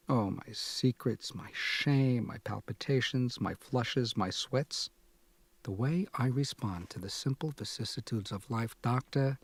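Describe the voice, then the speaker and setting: Audiobook narrator: a man, sardonic and anguished, husky voice, dry close recording. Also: mid-range voice, a little mellow, no echo. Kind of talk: dramatic first-person audiobook reading.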